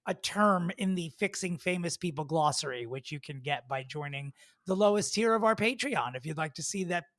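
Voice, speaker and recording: High-voiced man, animated comic storyteller. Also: moderate pace, no room sound, clean studio sound. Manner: animated, rambling storytelling with swearing. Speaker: comedian and podcast co-host. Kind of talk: casual chat.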